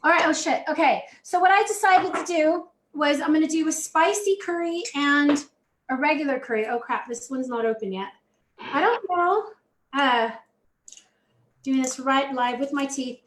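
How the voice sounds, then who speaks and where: A woman's voice: high-pitched, normal speed, echoey room, a little hiss or hum. A woman hosting a live cooking chat from her home kitchen, talking casually and giggling as she cooks.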